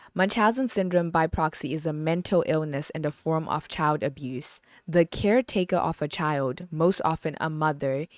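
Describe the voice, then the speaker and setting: A woman hosting a podcast, chatting about a film in an animated, exclaiming way with lots of fillers. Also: low-pitched, dry recording, clean studio sound. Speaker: podcast host. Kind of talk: casual movie review chat.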